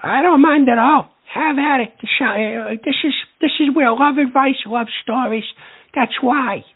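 A brash, profane man hosting a late-night call-in show. His voice sits high for a man. The sound comes through a thin, tinny phone line. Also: slightly rough. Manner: brash, profane, quick to scold callers. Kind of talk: casual call-in radio talk.

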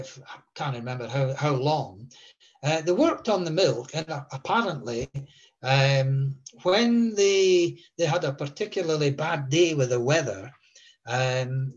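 A man's voice: a little high, lo-fi sound. A man, a guest telling a long story in a rambling way with many fillers. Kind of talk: relaxed storytelling.

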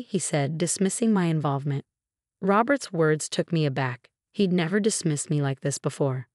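A woman giving a scripted first-person story narration in an even, measured way. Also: low voice, no room sound, clean studio sound.

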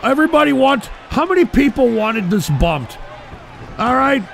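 A man hosting a live stream, ranting in a profane, exasperated way and shouting often. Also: very high voice, big pitch swings, moderate pace, gravelly, slight background noise. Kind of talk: live-stream commentary rant. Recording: stream with loud music and crowd behind.

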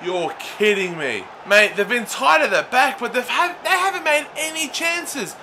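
Young man as gaming commentator: high, bright voice, excitable, bursts into shouts at near misses. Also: normal speed, slight background noise. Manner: chatty, addresses viewers as lads. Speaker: gaming YouTuber. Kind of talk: live video game commentary.

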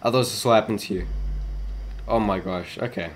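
A man's voice: lowish voice, a little fast, a little hiss or hum. A young man giving jittery commentary on a horror game he is playing, talking back to it and yelping when startled. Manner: jittery, talks to the game, yelps in panic. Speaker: gaming YouTuber.

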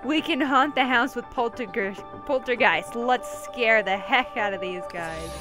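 A woman's voice: on the high side, measured pace. A young woman giving casual, playful commentary over a life-simulation game, teasing her characters with mischievous glee. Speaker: gameplay commentator. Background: game music.

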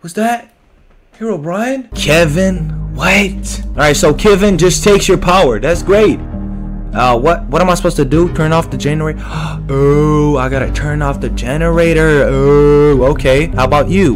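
A chatty man streaming a horror game, his voice sitting at an ordinary middle pitch. He talks without pause, jumpy and quick to panic, with game music playing behind him. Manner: nonstop chatter, jumpy and panicky with sudden yelps. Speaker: gaming streamer. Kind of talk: horror game let's play commentary.

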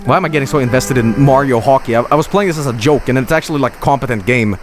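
A man streaming a hockey video game, commenting live, swinging from low grumbling to loud yelling and cursing at the game. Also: rapid-fire, faint music behind.

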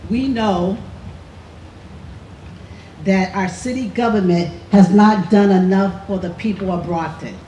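Slow, emphatic woman at a rally. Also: medium pitch, dark tone. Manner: slow, emphatic, repetitive cadence. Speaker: community church leader speaking at a rally. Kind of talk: impassioned rally speech. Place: outdoor plaza rally. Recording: echoey outdoor PA sound with faint traffic.

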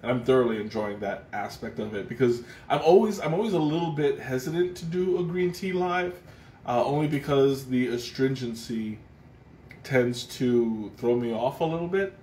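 Casting: easygoing male stream host, mid pitch, talks in loose rambling restarts, echoey room with faint hiss. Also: lively intonation, moderate pace, a little mellow. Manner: rambling, thoughtful, frequent restarts and fillers. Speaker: livestream tea taster. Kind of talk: casual live tasting chat. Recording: roomy echo, faint background noise.

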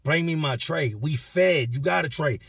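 A man's voice: on the high side, normal speed, gravelly, fairly bright tone, husky, no echo, clean studio sound, distant mic, heavily acted. A man voicing a stern prison guard who is tired of dealing with an inmate, with curt, dismissive talk.

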